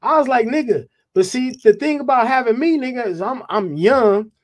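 High-voiced man telling a rowdy story. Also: a little fast. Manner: profane, animated, repeats "you know what I'm saying". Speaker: guest rapper. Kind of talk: casual storytelling anecdote.

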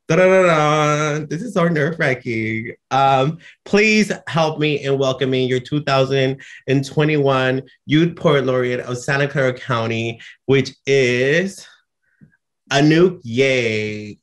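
A man presenting at an online ceremony, speaking warmly and effusively with frequent filler words. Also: mid-range voice, a little slow, few pauses. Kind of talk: ceremony announcement.

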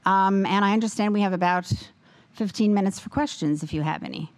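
A woman giving a formal lecture with a slightly wobbly voice, speaking in a measured, deliberate way and taking questions afterwards. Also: mid-range voice. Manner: measured, deliberate, with many fillers when answering. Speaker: guest lecturer. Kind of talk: formal lecture, then audience Q&A.

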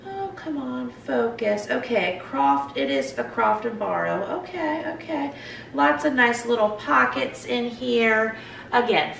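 A woman's voice: medium pitch, gravelly, a little hiss or hum. A woman in her forties, a mom showing off her thrift store finds at home in a chatty, gushing, rambling way. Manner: gushing, enthusiastic, rambling asides. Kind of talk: chatty haul vlog. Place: at home, in a sitting area. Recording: roomy echo, voice heard from a distance.

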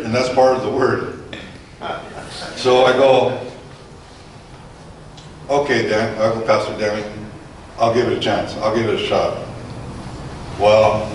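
A man's voice: on the low side, level tone, unhurried, pauses often, a little hiss or hum. A man in his forties or older giving a personal testimony to a church audience, telling his story conversationally and acting out the dialogue. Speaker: guest speaker giving testimony. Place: large echoey hall. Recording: echoey hall, voice from far off.

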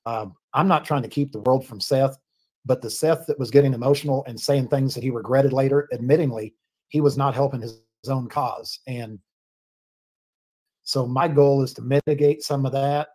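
A man answering interview questions as a family spokesman, earnest and defensive with halting restarts. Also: mid-range voice, steady tone, darkish tone.

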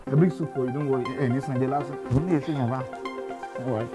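A man with a Nigerian accent playing a makeshift Santa in a comedy skit, loud, playful and rambling. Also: medium pitch, fairly even intonation, fast talker, loud music behind the voice.

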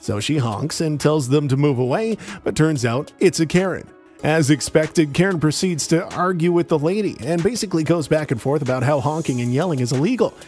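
A man's voice: fairly high pitch, animated, brisk, a little mellow, faint music behind. A man narrating a compilation with scripted, mocking commentary.

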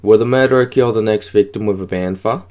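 A man's voice: lowish voice, brisk, a little mellow, natural voice. A man voicing a pompous, devout alien president who pleads solemnly with his god in an audiobook.

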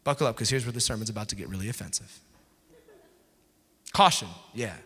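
A man's voice: lowish voice, fairly quick, sharp tone, husky. A male pastor preaching a sermon in an emphatic, conversational way, sometimes dropping almost to a whisper. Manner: emphatic, conversational, with dramatic drops to near-whispers. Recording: echoey hall.

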